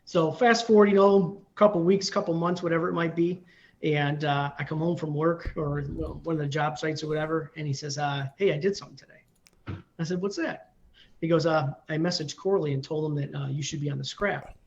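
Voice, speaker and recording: A firefighter in his forties chats as a guest and tells a long story, filling gaps with ums and you-knows. His voice is a bit high for a man. The audio comes through dull and lo-fi, like a call. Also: steady tone, brisk, creaky, a little hiss or hum. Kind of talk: casual interview storytelling.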